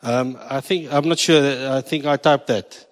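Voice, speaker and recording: With a medium-pitched voice, fairly even intonation, and a slightly slow delivery, a South African pastor gives his sermon. He jokes with those gathered and drifts from English into Afrikaans, and the church hall recording has long reverb.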